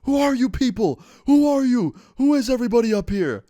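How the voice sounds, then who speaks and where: A man putting on the voice of a distressed, paranoid homeless man who shouts in panic. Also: extremely high pitch, sing-song, fairly quick, no echo, studio quality, voice pushed up. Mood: panicked shouting.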